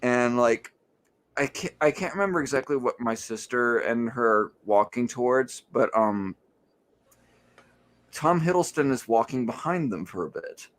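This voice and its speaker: An American man on a casual podcast, winding through a story at an easy pace and filling every pause with "like". His voice sits at an ordinary pitch, with a relaxed, unpolished delivery. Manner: loose storytelling, heavy use of filler "like". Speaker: podcast co-host. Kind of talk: rambling anecdote and casual review chat.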